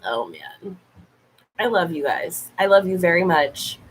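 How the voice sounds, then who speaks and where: A woman's voice: fairly low pitch, very animated, measured pace, a little hiss or hum, low-quality recording. A woman hosting a casual livestream from home into a laptop mic, playful and laughing often, swearing freely. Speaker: online show host. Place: home room.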